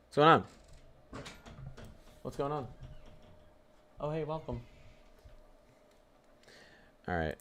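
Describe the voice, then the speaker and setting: A man's voice: on the high side, big pitch swings, takes it slowly, long pauses, bright, forceful tone. Chatty joking man hosting a livestream. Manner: chatty, joking, greets viewers by name. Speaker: weather livestream host. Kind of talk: casual live-stream chat.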